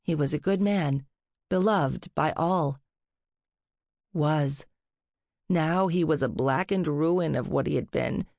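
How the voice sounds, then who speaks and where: A woman narrating an audiobook in a measured, somber way. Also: deep voice, gravelly, darkish tone, dry recording, studio quality. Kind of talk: scripted narration.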